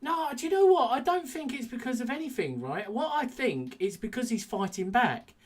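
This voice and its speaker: A man's voice: very high voice, very animated, normal speed. A man co-hosting a casual boxing podcast, chatty and rambling, with lots of restarts. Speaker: podcast co-host.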